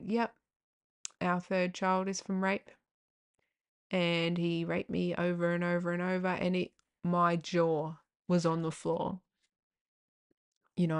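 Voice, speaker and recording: A woman's voice: fairly low pitch, gravelly. A woman hosting a podcast, talking frankly in a rambling way, with swearing, fillers and tangents. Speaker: podcast host. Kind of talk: candid personal podcast monologue.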